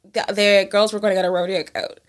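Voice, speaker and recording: A woman's voice: mid-range voice, level tone, fairly quick. A young woman in her twenties co-hosting a casual chat, supportive and teasing toward her friend.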